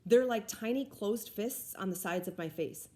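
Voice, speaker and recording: A woman reading a first-person children's novel aloud in an expressive style. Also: mid-range voice, normal speed. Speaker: reader. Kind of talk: audiobook read-aloud.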